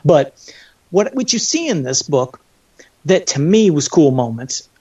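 Podcast co-host, man, mid-pitched, enthusiastic recap, distant sound. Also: big pitch swings, unhurried, mellow, husky. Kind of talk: casual chat. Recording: distant, dull lo-fi mic.

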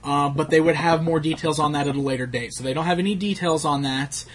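A man with a slightly husky, raised voice hosts a relaxed talk about toy releases. He rambles, stacks up fillers and breaks into laughs. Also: a little high, quick pace. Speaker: toy collecting show host. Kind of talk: casual chat about action figures.

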